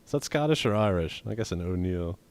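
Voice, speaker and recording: A young man co-hosting a comedy podcast, rambling in deadpan, crude banter. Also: low voice, fairly quick. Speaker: podcast co-host.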